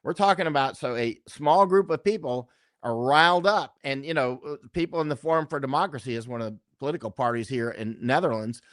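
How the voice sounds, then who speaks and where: Talking as an interview guest, a middle-aged man rambles with emphasis and often checks in with "right?" in conversational interview talk. His medium-pitched voice is a bit bright and a little fast, captured in clean studio sound with no room sound.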